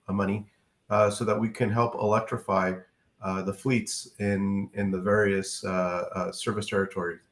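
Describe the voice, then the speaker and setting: A man from a utility company giving a casual presentation in an online community meeting, pausing often with fillers. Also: on the low side, a bit bright, echoey room. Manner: casual, hesitant with many fillers. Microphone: video call.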